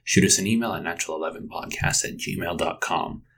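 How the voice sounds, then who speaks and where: A man's voice: sits low, brisk, creaky, a bit bright, slightly rough. A man narrating a tabletop game as game master, loose and conversational, with frequent fillers. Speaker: game master and podcast host.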